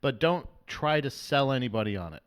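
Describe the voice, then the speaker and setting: A man's voice: medium pitch, expressive, fairly quick, clean tone. A man co-hosting a music podcast, rambling through stories in casual chat and acting out what other people said. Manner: rambling, acts out quoted people in mock voices. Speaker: podcast co-host.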